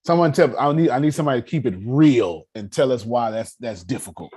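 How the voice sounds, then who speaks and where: This host's voice is mid-range, brisk and husky as he leads an online personal finance meeting. He teaches in a casual, animated way, joking around, calling on listeners and restarting a lot.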